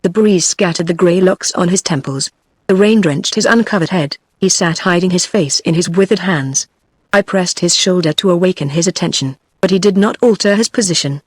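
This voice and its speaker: A text-to-speech woman's voice with a British English accent, reading a novel aloud as an audiobook narrator in an even, synthetic manner. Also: lowish voice, normal speed, no room sound. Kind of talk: scripted narration. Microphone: synthetic, no room.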